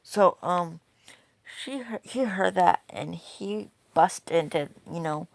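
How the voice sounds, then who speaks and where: A woman's voice: on the low side, slow pace, vocal fry, no room sound. A woman casually telling a fan story, rambling and swearing, filling gaps with "you know".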